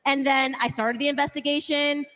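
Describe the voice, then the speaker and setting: A woman's voice: sits high, steady tone, normal speed, fairly bright tone, low-quality recording. A woman on a political panel, telling her story with emphatic energy. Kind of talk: animated political panel talk.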